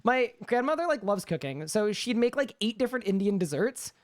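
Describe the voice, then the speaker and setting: A man's voice: high voice, very animated, brisk. A young man with a Canadian accent, chatting casually on a live gaming stream and answering chat questions.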